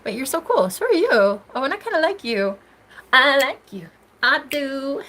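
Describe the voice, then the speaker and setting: Here the livestream host sounds high and sing-song at a normal speed, with a little background noise. She's a young American woman going through viewer comments in a relaxed chat, bubbly and giggly, teasing them and shifting between squeals and murmurs.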